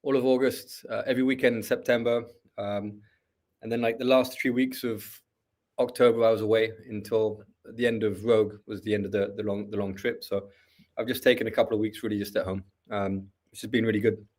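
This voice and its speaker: A man's voice: lowish voice, level tone, a little fast, a little mellow. A man chatting as a podcast guest, hesitant, often repeating words and restarting his sentences. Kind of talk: casual interview chat.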